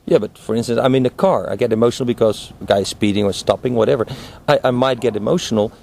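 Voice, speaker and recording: A man's voice: mid-range voice, fast, creaky, darkish tone, a little hiss or hum. A man hosting an interview, asking probing, hesitant questions. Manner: probing, hesitant, searching for words. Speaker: interviewer, host.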